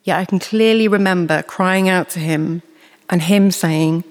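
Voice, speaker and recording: A preacher giving a sermon in a measured, earnest way, reading scripture slowly and deliberately. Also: mid-range voice, long reverb tail.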